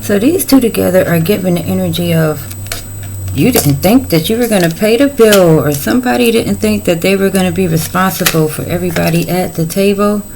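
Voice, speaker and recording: A woman's voice: lowish voice, a little fast, darkish tone, a little hiss or hum, low-quality recording. A middle-aged woman giving a casual tarot reading, chatty and folksy with playful asides. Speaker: tarot reader.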